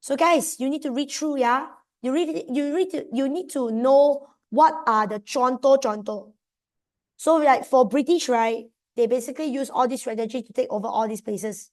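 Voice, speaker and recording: A young woman with a Malaysian accent, giving an exam revision lesson in a lively, emphatic way. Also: high-pitched, moderate pace. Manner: lively, emphatic, mixes in local slang particles. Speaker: tutor.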